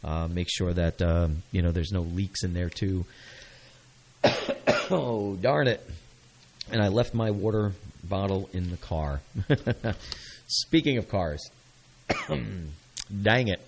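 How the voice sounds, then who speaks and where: A man's voice: low-pitched, slow pace, pauses often, a little hiss or hum, poor audio. A man hosting a local radio show, talking casually and upbeat, coaching listeners and checking in with "okay?".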